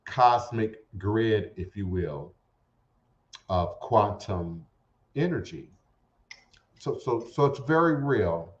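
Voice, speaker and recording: Male radio host, loose rambling monologue full of restarts, dull lo-fi stream sound. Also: fairly low pitch. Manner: rambling, halting with repeated words. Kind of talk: casual spiritual talk show monologue. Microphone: home setup streamed to internet radio. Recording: roomy, dull lo-fi internet radio audio.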